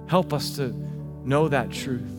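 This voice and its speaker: A male pastor preaching a sermon, swinging between hushed, intimate passages and emphatic, rising declarations. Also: mid-range voice, slow. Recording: long hall reverb with faint music.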